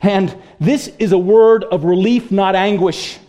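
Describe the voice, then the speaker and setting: A man preaching a sermon as pastor, impassioned, swinging between hushed, quiet passages and ringing, raised ones. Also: sits high, measured pace.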